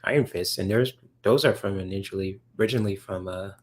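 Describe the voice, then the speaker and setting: Speaking fast in a low voice, a man runs a casual livestream and fields chat questions from viewers. His answers wander, packed with fillers and full of excitement about comics.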